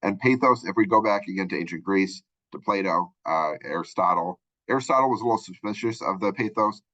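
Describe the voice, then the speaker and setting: A man's voice: low-pitched, fairly quick, bright, forceful tone, low-quality recording. A male college instructor giving a recorded lecture, explaining in a rambling way with many fillers and restarts.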